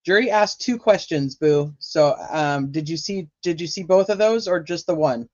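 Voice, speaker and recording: A man's voice: fairly high pitch, normal speed, few pauses, a little mellow, no echo. A man hosting a casual livestream, chatting with his viewers, swearing now and then, with a sore throat. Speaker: livestream host. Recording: dull lo-fi dry sound.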